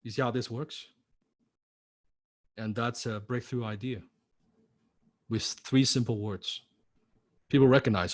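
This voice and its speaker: A man's voice: medium pitch, fairly even intonation, unhurried, pauses often. A man teaching a recorded course lecture in a punchy, blunt way, firing rhetorical questions and checking "right?" after each point. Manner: blunt, occasionally swears for emphasis. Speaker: course instructor.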